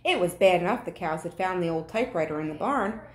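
A woman teacher reading a picture book aloud to children, with expressive, animated storytelling. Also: lowish voice, fast, a little hiss or hum. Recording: echoey room.

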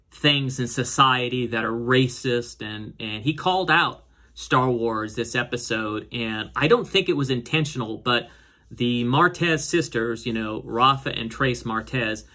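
Man, show reviewer, casual rambling recap, filler-heavy, bright tone. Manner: rambling, many fillers and restarts; voices characters' lines with raised pitch. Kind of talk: casual episode recap and commentary.

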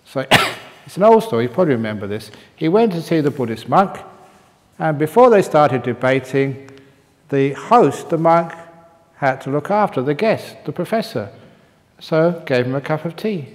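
A man's voice: a little high, animated, moderate pace, a little mellow. A man who is a Buddhist monk and teacher, answering retreat questions with humorous stories and reading each question aloud. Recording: long reverb of a meditation hall.

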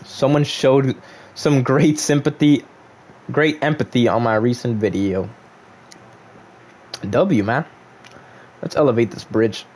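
A man's voice: medium pitch, slow, long pauses, darkish tone. A young man casually chatting on a gaming livestream, reading viewers' chat aloud and joking back at them.

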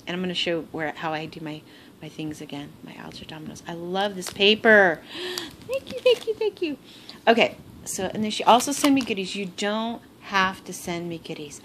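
A woman in a casual crafting vlog, gushing and excited as she opens gifts, recorded on a phone in her bedroom. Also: lowish voice, fairly quick. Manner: gushing, excitable, gasps and laughs often. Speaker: crafting vlogger. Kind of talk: casual unboxing chat. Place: bedroom at home. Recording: noisy home phone recording.

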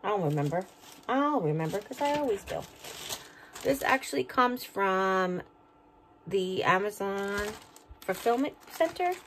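A woman's voice: medium pitch, very animated, unhurried, long pauses, a little hiss or hum, rough recording. A middle-aged woman chatting casually at home as she opens and reads fan mail, sentimental and talkative. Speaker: vlogger opening fan mail. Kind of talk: casual unboxing chat. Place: home, indoors.

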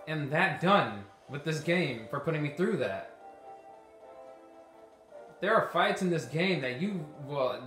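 A man's voice: on the high side, a bit bright. A man giving casual let's-play commentary, exasperated and talking to himself as he plays. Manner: exasperated, talks to himself while playing. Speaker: gameplay commentator. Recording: echoey room with game music behind.

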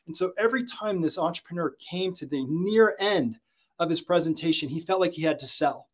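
Upbeat man telling sales stories. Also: brisk. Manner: energetic storyteller, gets loud and high when excited. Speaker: sales consultant and author, guest. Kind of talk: podcast interview, storytelling.

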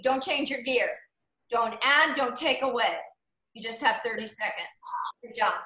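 Woman cycling instructor, high voice, crisp bright tone, upbeat coaching, counts down, echoey room over a video call. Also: measured pace, long pauses. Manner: upbeat, encouraging, calls out riders by name; counts down seconds and cadence. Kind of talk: coaching an online group cycling class.

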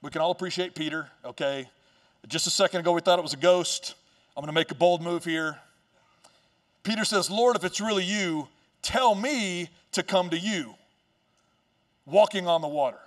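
High-voiced joking pastor, mic at a distance. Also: male voice, a bit bright. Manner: casual, joking storyteller with quick asides. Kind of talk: sermon. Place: church stage.

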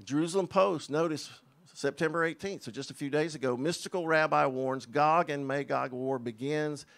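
A man's voice: fairly high pitch, moderate pace, gravelly, a bit bright. A man preaching a sermon, in an emphatic, conversational way with scoffing asides. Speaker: pastor.

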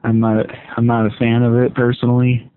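A man's voice: medium pitch, completely flat delivery, a little fast, clear, resonant tone, dry recording. A man improvising a comedy phone skit in an exasperated, complaining tone. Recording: tinny phone-like lo-fi.

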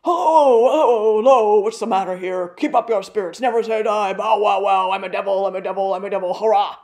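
A woman voicing Grip, a hoarse, mischievous talking raven who crows loudly and gleefully about being a devil. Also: mid-range voice, fairly even intonation, normal speed, voice pushed up, close to an everyday voice. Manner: loud exultant crowing.

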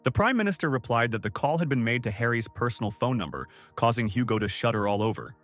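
A man's voice: mid-range voice, expressive, fast, a bit bright, soft background music. A man narrating a comic recap in a scripted storytelling style.

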